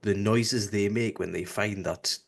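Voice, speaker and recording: Man, Northern English accent, podcast co-host, casual chat, dry and sweary, lowish pitch. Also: fairly even intonation, a little slow, gravelly.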